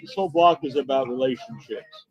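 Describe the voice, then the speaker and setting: A man co-hosting a casual film festival wrap-up, halting with fillers as he recalls each short. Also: mid-range voice. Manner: halting, many fillers and restarts while recalling films. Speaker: co-host reviewing festival films. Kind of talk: casual chat. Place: bar or restaurant. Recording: dull lo-fi sound in a noisy bar.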